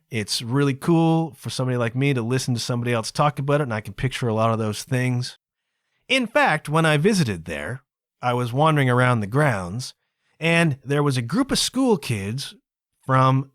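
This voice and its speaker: A Canadian man hosts his own podcast in a casual solo monologue, his medium-pitched voice very animated at a normal speed. He chats and digresses, tagging points with asides like "okay?" and "kids." The audio is studio quality with no room sound.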